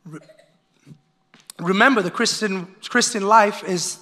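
A male pastor preaching a lively sermon in a church, calling out to the congregation and acting out the voices of complainers. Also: sits high, takes it slowly. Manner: energetic, calls out to the congregation for response. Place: church sanctuary.

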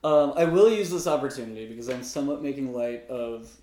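A man's voice: mid-range voice, a little fast, dark tone, echoey room. A man co-hosting a podcast, recapping a film in casual chat with wry, profane asides.

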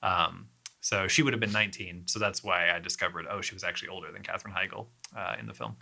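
Relaxed man with a bright voice. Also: low voice, quick pace, creaky. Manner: relaxed, hesitant, many fillers. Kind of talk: casual chat about a movie.

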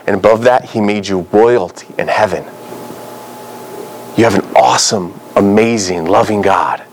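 A male pastor delivering a sermon with a lively, rising and falling voice. He drives his points home with rhetorical questions. A faint hiss sits under the recording. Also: mid-range voice, rough recording. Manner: animated preaching with rhetorical questions.

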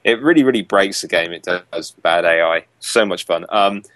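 A man's voice: sits low, normal speed, a bit bright, no room sound. A young man hosting a casual podcast, rambling a bit and chuckling as he reads out game reviews. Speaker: podcast host.

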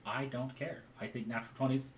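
A man narrating as game master of a tabletop game, describing scenes haltingly with many fillers. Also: medium pitch, steady tone, reverberant.

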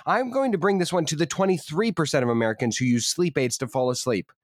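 A man's voice: a little high, fast, no room sound, clean studio sound. A man co-hosting a podcast, riffing in a rambling, jokey way with mock-grand declarations. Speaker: podcast co-host. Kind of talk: casual comedic podcast chat.

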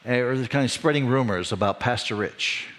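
Man, middle-aged, pastor, sermon, conversational, rises for emphasis, drops low to reflect, mid pitch. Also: a little fast, fairly bright tone.

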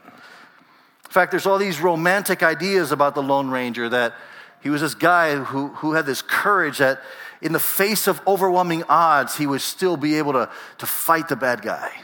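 A man's voice: a little high, sharp tone. A middle-aged man from Panama, a native Spanish speaker, preaching a sermon as a pastor in a conversational, storytelling way, often repeating and restarting phrases. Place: church. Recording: reverberant church sanctuary.

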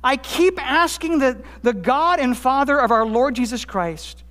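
A man's voice: animated, measured pace, fairly bright tone. Man preaching in an echoing hall. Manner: emphatic preaching, rising for quotes, dropping low on key points. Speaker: pastor. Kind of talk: sermon. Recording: long hall reverb.

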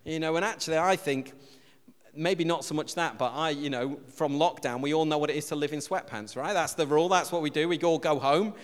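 A man preaching a conversational sermon in a church, chatty and quick with self-deprecating jokes. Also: on the high side, in a large hall.

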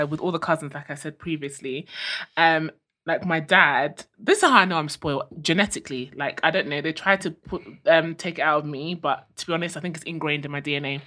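A young woman chatting casually, swooping up and down in pitch as she tells her stories. Her voice is bright and forward, and she breaks into laughter often. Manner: animated storytelling, laughs often. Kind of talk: casual chat.

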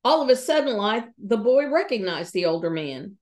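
A woman's voice: mid-range voice, darkish tone. A woman, hosting a podcast and reading a folksy ghost story aloud with fillers and small slips. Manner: folksy, pauses with fillers and self-corrections. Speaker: podcast host.

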